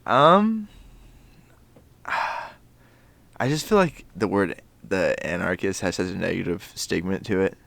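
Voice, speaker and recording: A man's voice: low-pitched, expressive, slow pace, vocal fry, pauses often, fairly bright tone, no room sound. A man co-hosting a podcast in casual chat, laid-back and rambling. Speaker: podcast co-host.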